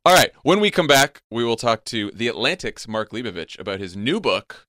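A man hosting a casual political podcast, wry and animated, his pitch swinging widely as he riffs. The sound is close and dry. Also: fairly quick, dry recording. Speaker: podcast host.

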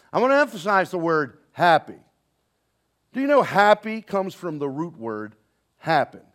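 Man preaching with big dramatic swings. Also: a little high. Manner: preaching with dramatic swings in loudness and pace, calling on the congregation. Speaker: pastor. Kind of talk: sermon. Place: church sanctuary with congregation, also streamed online.

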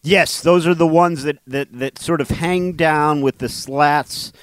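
A man's voice: a little high, steady tone, a little slow, clean tone, dry recording. A man co-hosting a word podcast in casual chat, goofy and laughing at his own puns. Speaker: podcast co-host.

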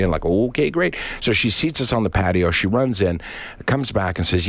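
A middle-aged man from Canada, with a voice pitched a little low, spins a long personal anecdote in relaxed chat. He slips into the voices of the people in his story as he tells it. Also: fairly quick, dry recording. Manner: animated anecdote with acted-out voices.

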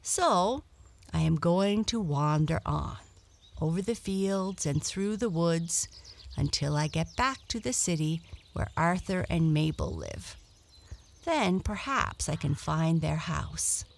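A woman reading a storybook aloud and voicing a polite, homesick female black cat, raising her pitch. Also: very animated, takes it slowly, gravelly, exaggerated voice.

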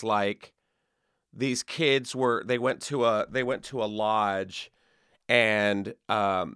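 Joking podcast guy with a smooth voice. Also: bright, forceful tone, dry recording, clean studio sound. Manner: playful, jokey, jumps into squeaky high voices for gags. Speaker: podcast co-host. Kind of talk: comedic podcast chat.

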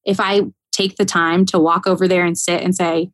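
A woman's voice: on the low side, flat delivery, moderate pace, hardly any pauses, no echo. Chatty woman telling a story, laughing often. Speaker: caregiver. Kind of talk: casual podcast chat.

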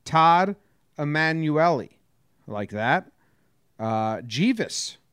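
A man's voice: on the high side, animated, very slow, a bit bright, clear, resonant tone, no room sound, clean studio sound. A man hosting a casual sports podcast, talking bluntly and grumpily, with some swearing. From New Jersey. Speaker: podcast host.

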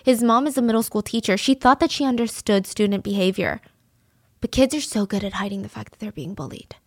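A woman's voice: mid-range voice, fairly quick, no room sound, studio quality. Indignant woman telling a true-crime story. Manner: indignant, animated retelling with fillers.

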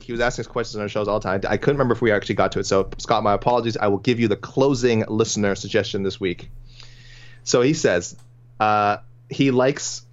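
Chuckling man on a lo-fi podcast. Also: mid-range voice. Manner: chatty, chuckling, many restarts. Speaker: podcast co-host reading listener picks. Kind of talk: casual sports podcast chat. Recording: dull lo-fi audio.

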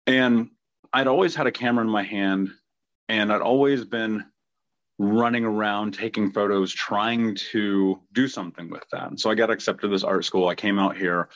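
A man's voice: fairly low pitch, fairly even intonation, normal speed, fairly bright tone. A man in his thirties hosting a podcast, talking earnestly and heartfelt about his own journey in a reflective monologue. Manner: earnest, heartfelt, occasional laughs. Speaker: podcast host, trauma healing coach. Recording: muffled lo-fi dry sound.

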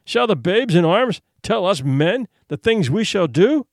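A man's voice: sits high, very animated, a little slow, dry recording, exaggerated voice. An angry older hunter raising his voice at a child's boldness, as a male narrator puts him on. The voice climbs and falls widely, with a close, dry sound. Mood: indignant. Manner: indignant, demanding.

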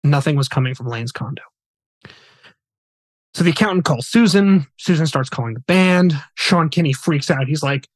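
Higher-voiced man telling a true story. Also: moderate pace, no room sound. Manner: earnest, conversational storytelling. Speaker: podcast host. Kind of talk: casual true-story retelling.

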